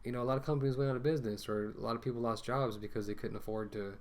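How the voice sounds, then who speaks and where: A man's voice: mid-range voice, steady tone, racing. A man ranting casually to camera as a vlogger, rambling with many fillers and restarts, talking through a mask.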